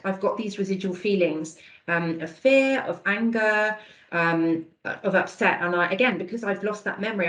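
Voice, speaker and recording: A woman with a lowish voice leads an online dementia awareness session by video call. Her manner is warm and conversational, and she gives encouragement and praise to answers posted in the chat. The recording is low quality with a roomy sound.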